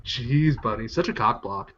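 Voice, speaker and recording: A man's voice: mid-range voice, lively intonation, normal speed, a bit bright. Profane joking man on a podcast. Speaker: podcast co-host. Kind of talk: casual chat. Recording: dull lo-fi podcast audio.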